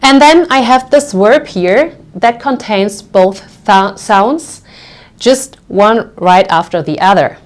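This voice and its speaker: A woman's voice: mid-range voice, animated. A woman teaching pronunciation in English, explaining patiently and checking in often with the listener. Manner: patient, slow, checks in with frequent "okay?". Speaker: German teacher. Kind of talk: language lesson explaining pronunciation.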